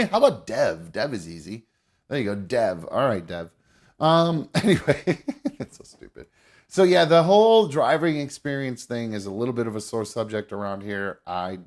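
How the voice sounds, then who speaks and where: On a live talk show, a male host chats casually in a lively, animated way, his pitch swinging widely. He rambles, restarts sentences and swears freely.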